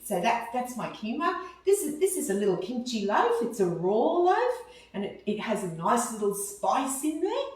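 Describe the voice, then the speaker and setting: A cheerful Australian woman talks through a meal step by step, her pitch rising and falling a lot. She is recorded from a distance in a very echoey room. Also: sing-song, normal speed, darkish tone. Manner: chatty, cheerful, explains step by step. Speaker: cooking video host. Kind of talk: casual food demonstration. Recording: very echoey room, mic far off.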